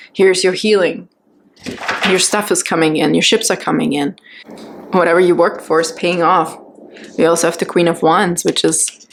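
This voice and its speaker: A woman giving a pick-a-card tarot reading, talking gently and reassuringly as she muses on each card and keeps checking in with "okay?" and "right?". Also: on the low side, creaky. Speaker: tarot reader.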